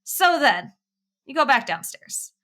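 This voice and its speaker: Woman co-host, bright and fairly high voice, chatty retelling of a game. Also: slow pace. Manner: chatty, animated retelling, quoting game characters in little voices. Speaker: podcast co-host. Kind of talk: casual chat about a video game.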